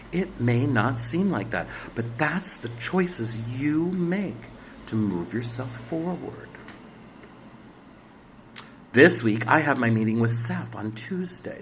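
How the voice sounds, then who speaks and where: A man hosting a spiritual astrology talk, giving blunt, preachy exhortations with swearing, swinging from loud urging to hushed asides. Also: mid-range voice, slight background noise. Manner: commanding exhortations. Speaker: spiritual astrology show host. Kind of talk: emphatic motivational monologue.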